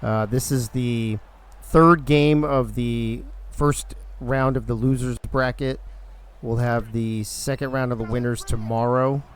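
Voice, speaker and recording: A man's voice: medium pitch, fairly even intonation, slow, clear, resonant tone. Chatty man hosting a game stream. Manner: chatty, joking, thinks aloud. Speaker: league organizer and stream host. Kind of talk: casual live-stream chat over a video game.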